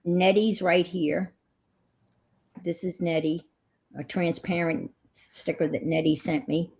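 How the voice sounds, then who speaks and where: A woman's voice: fairly low pitch, level tone, slow, vocal fry, darkish tone, breathy edge. A woman hosting a crafting livestream, chatting casually in a rambling way. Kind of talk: casual chat. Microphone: computer mic on a livestream.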